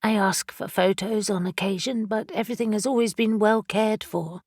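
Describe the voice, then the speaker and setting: A woman's voice: mid-range voice, fairly even intonation, normal speed, darkish tone, dry recording, close to an everyday voice. A shaken but determined middle-aged woman speaking in a tense, shaken way, voiced by a woman reading an audiobook. The sound is dry and close.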